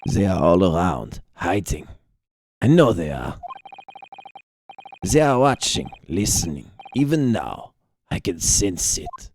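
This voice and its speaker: A man's voice: high voice, big pitch swings, slow, slight background noise, pitched above the performer's own voice, heavily acted. A man voicing an eccentric, melodramatic young male foreign student held as a prisoner, speaking in grand theatrical flourishes. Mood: paranoid.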